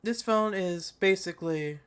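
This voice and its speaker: A man's voice: sits high, measured pace, fairly bright tone, smooth. Ranting, joking tech streamer guy. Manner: ranting, joking, exaggerated mockery; casual slangy banter with chat. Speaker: tech channel host. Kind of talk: live event commentary stream.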